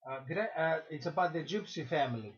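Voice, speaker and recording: A man's voice: a little high, lively intonation. A man co-hosting a casual radio chat, telling long rambling jokes and stumbling over his words. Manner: rambling, halting joke-teller. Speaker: co-host. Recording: dull lo-fi recording.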